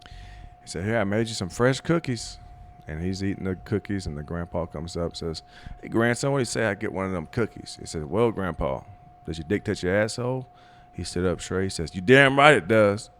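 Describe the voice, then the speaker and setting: Man, very low pitch, hesitant podcast storyteller, faint background noise. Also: expressive, brisk. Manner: rambling, hesitant storyteller with fillers. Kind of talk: casual comedy podcast banter.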